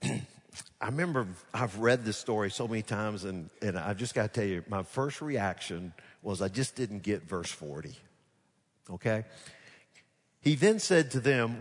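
A man preaching a sermon as pastor, moving from hushed, soft passages to loud, animated bursts where he acts out scenes. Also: lowish voice, moderate pace, breathy edge. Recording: long hall reverb.

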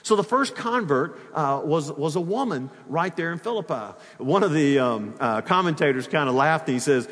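A man preaching a sermon as pastor, telling the story in an animated way with humor and asides. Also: on the high side, moderate pace, hardly any pauses, in a large hall.

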